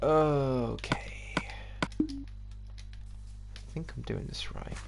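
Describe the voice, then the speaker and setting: A man's voice: fairly low pitch, steady tone, measured pace, creaky. Rambling young English man, slightly posh. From United Kingdom. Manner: rambling, chatty, laughs at himself. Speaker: gaming YouTuber. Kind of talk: casual gameplay commentary. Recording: noisy recording with mouse clicks.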